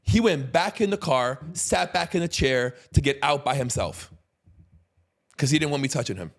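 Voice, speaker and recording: A man hosting a podcast, chiming in with short agreements and telling relaxed anecdotes in casual chat. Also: medium pitch, moderate pace. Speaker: podcast host.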